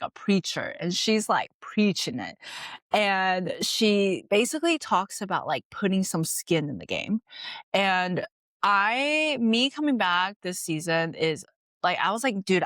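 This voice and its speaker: A woman's voice: fairly low pitch, a bit bright, no room sound, clean studio sound. A young woman hosting her own podcast, talking in a loose, free-flowing way full of "like" and "you know". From moved to America at age ten. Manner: chatty, free-flowing, lots of "like". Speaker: podcast host. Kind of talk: casual chat.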